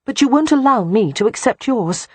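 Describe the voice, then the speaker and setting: A man voicing a spirited young Regency woman who pleads with urgent earnestness, in a husky, dry audiobook read. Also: very high-pitched, animated, moderate pace, dry recording, pitched above the performer's own voice, heavily acted. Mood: pleading.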